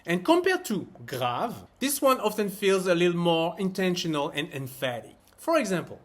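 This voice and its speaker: Lively, animated male French teacher. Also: high-pitched, normal speed, few pauses. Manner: expressive, explaining each phrase with emphasis. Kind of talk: scripted lesson narration.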